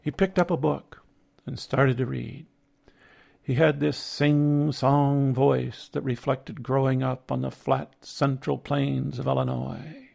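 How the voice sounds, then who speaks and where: An older man narrating a reflective personal essay in a measured, contemplative way. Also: medium pitch, steady tone, gravelly, darkish tone.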